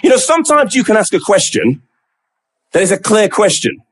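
A man's voice: sits high, very animated, moderate pace, fairly bright tone, breathy edge. A man preaching a sermon, emphatic and acting out quoted pleas with rising questions.

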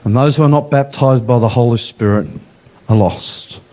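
A man preaching a sermon in a church, with slow, emphatic phrasing that rises and falls. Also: dark tone. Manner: emphatic preaching, slow deliberate phrasing with rising and falling pitch. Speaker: pastor.

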